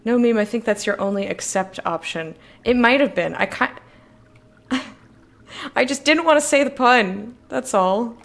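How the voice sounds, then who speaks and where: A woman streamer chatting casually while playing a game, animated and swearing, laughing often. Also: on the high side, a little slow, creaky, soft background music. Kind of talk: casual let's-play chat.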